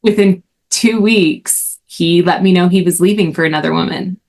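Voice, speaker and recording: Woman, podcast host, candid storyteller, conversational with lively rises. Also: normal speed. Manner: chatty, frequent "like", rises in pitch when excited.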